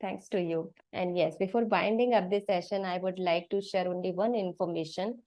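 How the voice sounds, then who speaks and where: A woman's voice: lowish voice, moderate pace, darkish tone. A woman with an Indian accent, an English trainer patiently explaining grammar and pronunciation, slipping Hindi phrases into her English.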